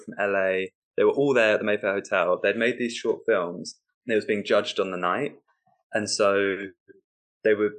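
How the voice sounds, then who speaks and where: A man, a stand-up comedian telling a story in casual chat, animated and laughing often. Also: lowish voice. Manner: animated, acts out quoted voices, laughs often.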